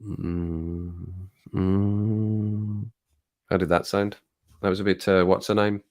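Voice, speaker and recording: A man's voice: lowish voice, flat delivery, slow, a little mellow. A man hosting a live stream from his home setup, rambling casually to viewers on a desk microphone, laughing and swearing often. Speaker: livestream host.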